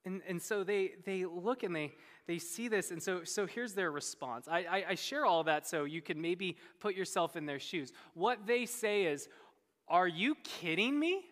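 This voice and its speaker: A pastor preaching a sermon with animated storytelling, often repeating words as he starts sentences. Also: normal speed, few pauses, in a large hall. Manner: animated storytelling, voices quoted speakers with big pitch jumps.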